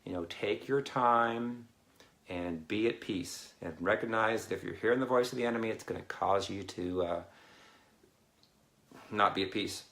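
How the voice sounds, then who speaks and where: A man's voice: on the low side, moderate pace, a bit bright. A man chatting casually and rambling to viewers on a live video, often laughing between thoughts. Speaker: Christian ministry speaker.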